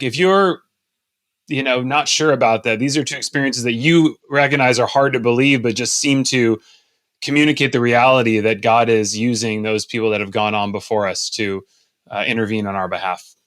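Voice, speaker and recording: A man's voice: medium pitch, a bit bright, no echo. A man hosting an interview, asking thoughtful questions in a casual, somewhat hesitant manner. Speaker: interview host.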